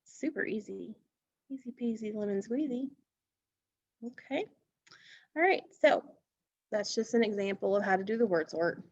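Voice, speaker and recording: This woman's mid-range, expressive voice guides little kids through phonics, unhurried and deliberate, with stretched-out words and plenty of encouragement and praise. There's no room sound, and the high frequencies are cut off.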